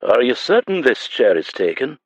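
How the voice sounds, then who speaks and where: A man voicing a brooding French lord faking a Scottish brogue, with a low husky tenor and a restrained, menacing manner. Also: very animated, normal speed, no room sound, dull audio.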